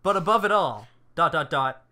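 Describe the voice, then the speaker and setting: A man's voice: on the high side, lively intonation, moderate pace, pushed and bright. A man co-hosting a casual podcast, reading out dating-app messages and laughing between lines. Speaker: podcast co-host.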